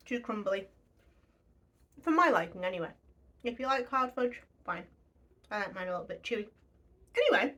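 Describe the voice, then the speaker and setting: A woman's voice: a little high, a bit bright. A woman in her thirties chatting casually to camera about budgeting, self-deprecating and laughing often. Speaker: budgeting vlogger.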